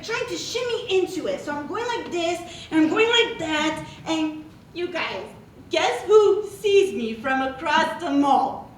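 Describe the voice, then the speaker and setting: A woman's voice: high voice, distant mic, a little hiss or hum. A woman performing a live stand-up character, a rambling, self-absorbed retail worker who keeps adding "okay?". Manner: rambling, repetitive, tacks on "okay?". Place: stage before a live audience. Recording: roomy live stage sound from afar with audience.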